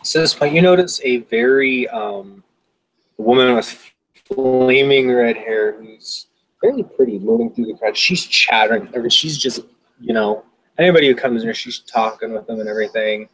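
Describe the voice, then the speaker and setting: Husky-voiced man running a tabletop game. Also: mid-range voice, moderate pace, a bit bright, low-quality recording. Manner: casual, rambling. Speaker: game master.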